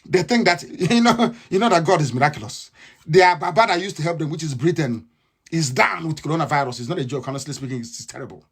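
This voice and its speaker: A man's voice: a little high, fast talker, husky. Male radio broadcaster, fiery and mocking, hammers points through repetition, live monologue.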